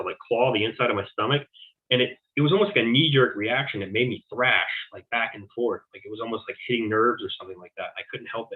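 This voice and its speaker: Low-voiced man on a tinny line. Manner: halting, many fillers and restarts. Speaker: interview guest. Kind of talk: conversational recounting of personal experiences. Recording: tinny phone-like audio.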